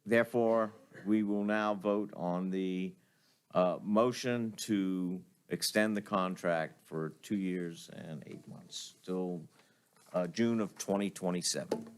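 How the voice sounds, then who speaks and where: Slow, low-voiced man chairing a meeting. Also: clear, resonant tone. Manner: measured, procedural. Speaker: board president chairing the meeting. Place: public board meeting room.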